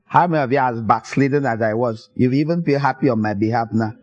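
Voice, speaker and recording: A man preaching a sermon, telling stories in an animated way and acting out the people in them. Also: mid-range voice, fast talker, no room sound, dull audio. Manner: animated storytelling, acts out voices with laughter.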